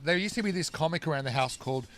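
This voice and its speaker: Racing along in a fairly high, slightly bright voice, this Australian commentator covers live cricket. Between deliveries he chats, then cuts in to call the action.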